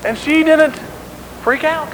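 A man's voice: very high voice, slow pace, noisy background. A man preaching a sermon in an emphatic, conversational way, acting out the quotes he tells.

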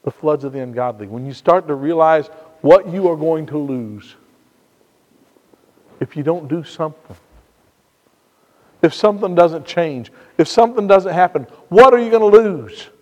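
A man from Indiana preaching a sermon as pastor, swinging from hushed, low passages to loud, slow, emphatic ones. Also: animated. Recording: long reverb of a large hall.

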